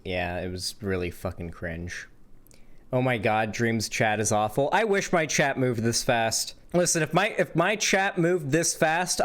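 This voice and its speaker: A man's voice: on the low side, clear, resonant tone. Blunt profane male streamer. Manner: blunt, profane, talks to chat. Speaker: streamer reacting to a video. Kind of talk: casual livestream commentary.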